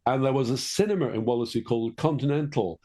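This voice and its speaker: An older man from Liverpool talks as an interview guest, with a mellow, warm voice. He is discursive and anecdotal. His pitch sits at an average level for a man. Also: fast. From Liverpool, England. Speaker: guest writer. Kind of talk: conversational interview.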